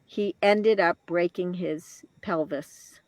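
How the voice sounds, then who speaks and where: In a fairly low voice, free of echo, an older woman opens up about a personal story during an interview. She's reflective and stop-start, often restarting and letting out soft laughs.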